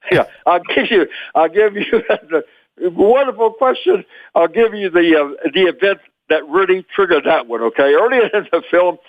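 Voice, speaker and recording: An older man in his eighties, originally from Memphis, Tennessee, tells stories with a lively, sing-song lilt and frequent chuckles. His voice comes through a thin, phone-like line with a dry, close sound. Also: high voice, normal speed, no room sound. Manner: lively storyteller, chuckles often. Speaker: guest, former child actor. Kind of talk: animated storytelling interview.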